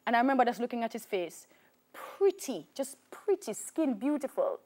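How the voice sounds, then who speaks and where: A woman's voice: mid-range voice, fairly quick. A woman with a Jamaican accent, a talk show guest telling her life story with emphatic repetition. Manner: animated storyteller, acts out voices, emphatic repetition.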